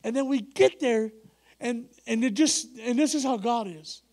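A man preaching in an animated way, his voice sitting high for a man. He acts out the people in his story and breaks into laughs as he goes. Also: normal speed. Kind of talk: sermon storytelling.

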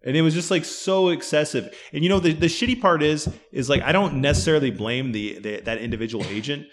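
A man's voice: a little high, quick pace. A young man co-hosting a podcast, ranting indignantly and profanely, with lots of "like" and "you know". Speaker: podcast co-host. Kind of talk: casual podcast chat.

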